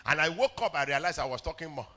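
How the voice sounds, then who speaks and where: A male pastor preaching a sermon in church, telling stories, often stammering on words and building up to shouts. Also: a little high, animated, quick pace, heavy background noise. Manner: storytelling preacher, rising to shouts, stammered repeats. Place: church hall.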